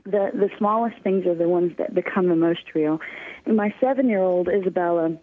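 A woman guest telling a personal story, speaking haltingly with pauses and restarts. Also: fairly low pitch. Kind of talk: emotional personal testimony. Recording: tinny phone-like line.

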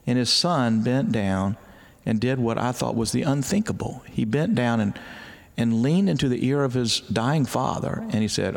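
Middle-aged man, pastor guest, gravelly voice, lively storytelling, long reverb. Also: medium pitch, normal speed. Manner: animated storyteller who restarts often and acts out voices. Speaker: pastor and author.

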